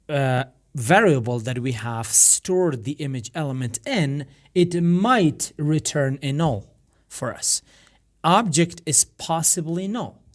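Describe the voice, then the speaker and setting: A man with a rough, gravelly voice, explaining a coding tutorial step by step with frequent fillers and restarts. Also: fairly high pitch. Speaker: programming instructor. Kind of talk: screen-recorded coding tutorial.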